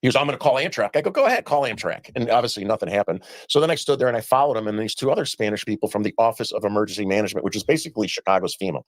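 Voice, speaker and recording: In a played interview, a man with a lowish voice and lively intonation rapidly recounts his experiences, performing the dialogue as he goes. No room sound is audible.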